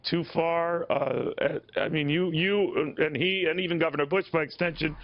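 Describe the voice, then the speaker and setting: A man's voice: on the high side, normal speed. A man anchoring a TV news interview, wry and teasing, with chatty restarts. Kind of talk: broadcast interview. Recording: dull lo-fi broadcast audio.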